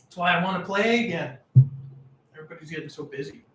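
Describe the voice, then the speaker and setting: Playful young man, slightly high voice. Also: animated, fast talker, distant mic, background noise. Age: young adult. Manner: playful, joking banter. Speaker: podcast co-host. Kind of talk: casual chat. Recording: echoey room with faint ambience.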